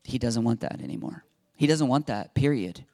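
A man's voice: mid-range voice, expressive, normal speed, dark tone. A middle-aged man preaching a sermon as pastor, acting out Bible dialogue with rising intensity.

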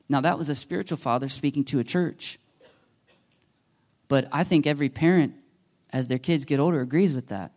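Slightly high-voiced man preaching casually. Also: moderate pace, pauses often, a little mellow. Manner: conversational preaching with humor and acted quotes. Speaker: pastor. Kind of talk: sermon. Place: church.

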